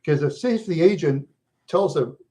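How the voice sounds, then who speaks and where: A middle-aged man from Minnesota with a rough voice worn down by years of smoking. He talks to his viewers in a loose, rambling way, stopping often to chuckle. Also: fairly high pitch, lively intonation, brisk, mellow. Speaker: livestream host chatting with viewers. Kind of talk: casual rambling chat.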